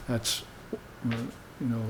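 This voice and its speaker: Unhurried man giving a dharma talk. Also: noisy background. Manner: unhurried, conversational, tags points with "you see". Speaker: spiritual teacher.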